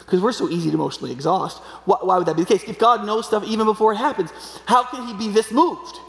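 A man's voice: quick pace, vocal fry. A man in his forties preaching a conversational sermon, often checking in with "right?" and acting out quoted voices. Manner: conversational, keeps asking "right?"; acts out quoted voices with sudden pitch jumps. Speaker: pastor. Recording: echoey hall with long reverb.

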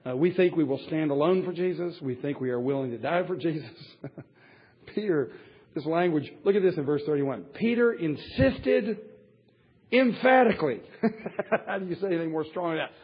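A man's voice: on the high side, brisk, breathy edge. A man preaching a sermon to a men's Bible study, emphatic, with wry asides and chuckles at his own points. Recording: dull lo-fi recording.

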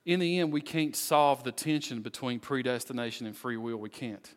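A man preaching as pastor at the end of a sermon, earnest and pleading, with slow, deliberate phrasing. His mid-range voice rings with the long reverb of a church sanctuary. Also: mid-range voice, steady tone. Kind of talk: sermon closing and prayer.

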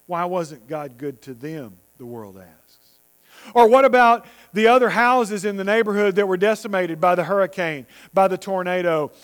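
High-pitched guy preaching, lots of restarts, slows way down to stress stuff, big echo tail like a church hall. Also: clean tone. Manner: earnest, stammering restarts, slows for emphasis. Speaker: pastor. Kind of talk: sermon. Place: church sanctuary. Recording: long hall reverb.

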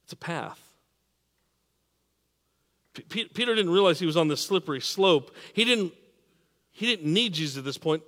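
A man preaching a sermon, repeating and restarting words, swinging between emphatic peaks and quiet drops. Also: a little high, expressive, moderate pace, pauses often, big-room sound. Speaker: pastor.

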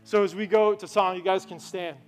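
In a church sanctuary with soft music in the background, a man serving as pastor gives a conversational sermon, telling stories and putting questions to his congregation. His voice is high and steady, and he speaks fairly quickly.

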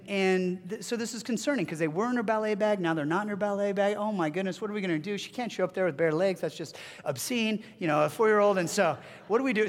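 A middle-aged man preaching a sermon, telling a family story with halting restarts and joking asides. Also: high-pitched. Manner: animated storytelling with self-deprecating asides. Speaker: pastor. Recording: long reverb of a large hall.

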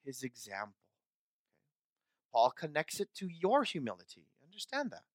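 A male pastor preaching a sermon, repeating key phrases for emphasis and swinging between soft, quiet passages and loud, urgent ones. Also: fairly high pitch, wildly swooping pitch, moderate pace, no room sound.

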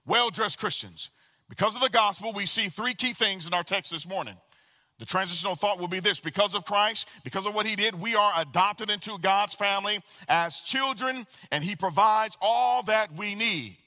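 A man preaching a sermon as pastor, animated and calling out to the congregation for responses. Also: high-pitched, moderate pace. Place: church sanctuary. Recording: long reverb of a large hall.

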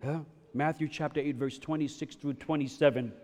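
A man preaching a sermon, emphatic, shifting between loud bursts and hushed passages, often checking in with his listeners with "yes?" and "right?". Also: on the high side, steady tone, fairly quick, in a large hall. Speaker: pastor.

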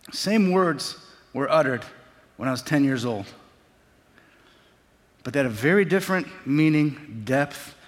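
A man in his forties preaching a sermon, an animated storyteller who also turns quiet and reflective. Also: mid-range voice. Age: 40s. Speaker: pastor. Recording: long hall reverb.

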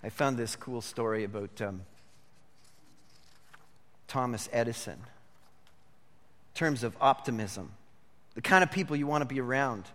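A man's voice: mid-range voice, measured pace, pauses often, a bit bright. A man preaching a sermon as a pastor, emphatic and repeating his points for emphasis. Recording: long hall reverb.

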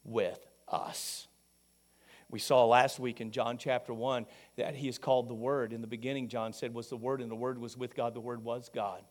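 A male pastor preaches a sermon with emphasis, putting questions to the congregation. His voice swings between loud peaks and quiet, low passages.

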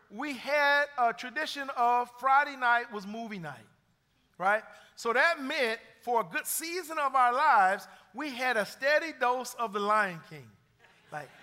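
Pastor guy preaching in a church, really high bright voice, long echo off the hall. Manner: preaching with rising emphasis and animated retelling. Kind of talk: sermon. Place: church sanctuary.

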